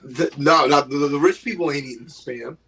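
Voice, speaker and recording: A man's voice: medium pitch, moderate pace, pushed and bright, breathy edge, far from the mic, rough recording. A man, a stand-up comedian, telling rambling, profane stories in casual chat.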